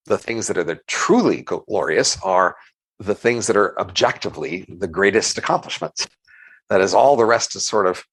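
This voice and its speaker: Low-voiced middle-aged guy on a podcast, thinking out loud, lots of restarts, careful hedging. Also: low-quality recording. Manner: thoughtful, hedging, repeats words when restarting. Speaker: economist, podcast co-host. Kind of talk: casual intellectual conversation.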